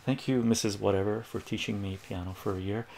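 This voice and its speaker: Gravelly, rambling man telling a story. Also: fairly low pitch, fast, a little hiss or hum. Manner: rambling, animated, laughs often, acts out quoted voices. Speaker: streaming math tutor. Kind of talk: casual livestream storytelling.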